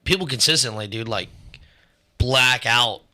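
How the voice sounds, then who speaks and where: A man with a very bright, sharp voice rambles through personal stories on a casual podcast. He uses lots of fillers and swears freely. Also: mid-range voice, measured pace. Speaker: podcast co-host.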